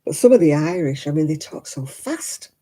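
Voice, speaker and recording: Dark-voiced man, chatty. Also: a little high, big pitch swings, moderate pace, breathy edge. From Manchester, England. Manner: chatty, laughs often, reads out viewer comments. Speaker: host of a crafting livestream. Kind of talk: casual chat answering viewers.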